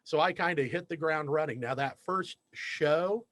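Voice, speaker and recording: A man who works as a radio DJ and news director, guesting on a podcast and telling self-deprecating stories in a lively, casual way. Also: fairly high pitch, normal speed, dry recording. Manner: animated anecdote teller, self-deprecating.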